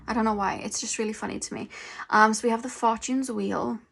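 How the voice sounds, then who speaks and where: A young woman giving a tarot reading, musing slowly and dreamily as she channels messages. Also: a little high, steady tone, creaky, a bit bright, breathy edge. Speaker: tarot reader.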